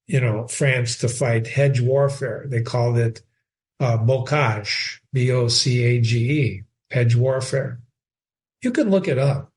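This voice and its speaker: A man's voice: medium pitch, a little mellow. An older man hosting a reading show, giving an informal, rambling lecture on literature and addressing himself by name as he goes. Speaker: host.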